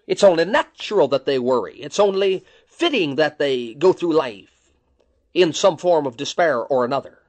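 A man's voice: fairly high pitch, big pitch swings, normal speed, a little mellow. A man preaching a sermon, asking rhetorical questions and quoting scripture in old-fashioned wording.

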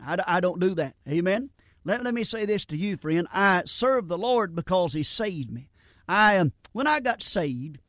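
Older male preacher, high voice, folksy and repetitive, close dry mic. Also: no echo. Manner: folksy, repetitive, builds from quiet to loud. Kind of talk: sermon.

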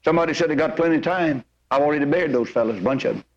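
Man preacher, high-pitched, folksy storytelling sermon, acts out characters with big pitch swings. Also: very fast, lo-fi sound.

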